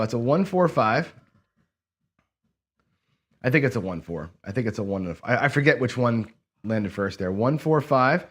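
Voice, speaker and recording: Male host, mid-pitch, casual play-along craps commentary, counts payouts aloud, bursts of excitement. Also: moderate pace, pauses often, husky. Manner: talks to camera while rolling dice, counting payouts aloud; excitable bursts when a roll goes his way.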